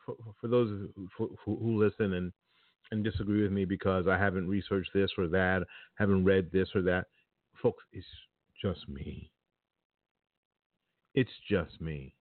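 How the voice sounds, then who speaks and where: A man's voice: low voice, unhurried, long pauses, no echo, narrow, tinny audio. A man hosting his own podcast talk show, chatting casually and bluntly to his listeners. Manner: blunt and opinionated, speaks directly to listeners. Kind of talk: casual spoken monologue.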